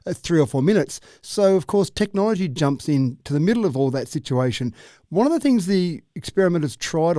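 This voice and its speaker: An Australian man with a mellow, slightly higher voice explains technology as a radio guest. He talks steadily and conversationally. The sound is dry and close. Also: no echo. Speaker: technology commentator.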